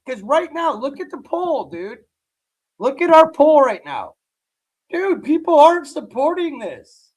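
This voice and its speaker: A hoarse man hosting a live reaction stream, rambling in casual commentary and calling his viewers "dude". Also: very high voice, poor audio. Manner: rambling, repeats himself, says "dude" often. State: hoarse, voice nearly gone.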